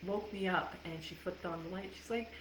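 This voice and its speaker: Woman coach with a low voice, candid and profane, echoey room with faint ambient noise. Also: moderate pace. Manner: candid, swears freely, laughs often. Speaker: life coach. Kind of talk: casual livestream talk.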